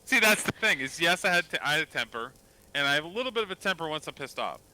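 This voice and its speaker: Bright, lively guy, bit of michigan-southern twang, rambles easy in casual chat. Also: fairly high pitch, fast. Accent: mild Michigan and Southern American. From northern United States. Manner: easygoing, rambling, with restarts.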